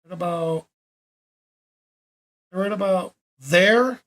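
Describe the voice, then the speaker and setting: A man teaching photo editing during a live video-call session, talking in a chatty, animated way with frequent restarts. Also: sits high, drawn-out words. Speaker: photography workshop instructor. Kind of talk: live online Q&A demo.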